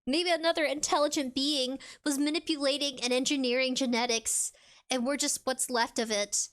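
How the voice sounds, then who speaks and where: She speaks in a high-pitched, slightly bright voice at a moderate pace with fairly even intonation. A VTuber streamer, she chats casually with viewers and reads chat and game text aloud in a playful, rambling manner.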